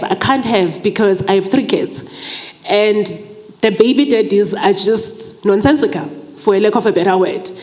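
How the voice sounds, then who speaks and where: Candid woman in an echoey hall. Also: darkish tone. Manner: candid, acts out her own quoted words with rising pitch. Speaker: audience member. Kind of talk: sharing a personal story in a Q&A. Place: large event hall at a book fair. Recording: echoey hall with long reverb.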